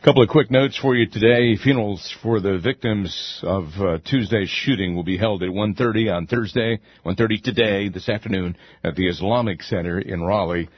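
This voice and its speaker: Radio host, man, very low husky voice, dry close sound, slightly muffled broadcast. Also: dry recording. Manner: conversational, with pauses and fillers. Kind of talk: morning radio announcements.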